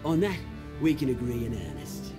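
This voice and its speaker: A man's voice: medium pitch, sing-song, normal speed, music in the background, lightly acted. Man playing Oswald Cobblepot, bitter British brawler. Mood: scornful. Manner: swaggering, resentful, theatrical. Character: bitter, brash young British man fallen from wealth. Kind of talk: video game voice acting.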